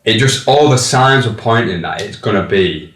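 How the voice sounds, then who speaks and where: A young man from Hull with a Hull accent and a fairly low voice, telling a casual story about a gig. He talks in a chatty way, swears freely and acts out what people said. The sound is echoey and a little distant, as if recorded across a room. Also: animated, moderate pace, background noise. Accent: Hull, England. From England. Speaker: musician in a band.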